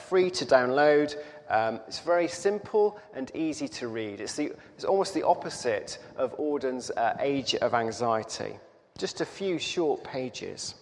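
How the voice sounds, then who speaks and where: A man preaching a sermon, telling a story slowly and thoughtfully, with pauses and fillers. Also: medium pitch. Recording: reverberant hall.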